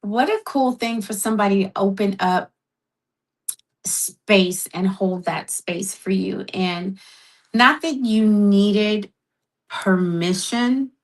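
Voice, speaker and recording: A woman co-hosting a podcast, affirming and reflective, giving slow, thoughtful commentary in casual conversation. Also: medium pitch, poor audio. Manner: warm affirming listener, slow reflective phrasing. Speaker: podcast co-host, therapist.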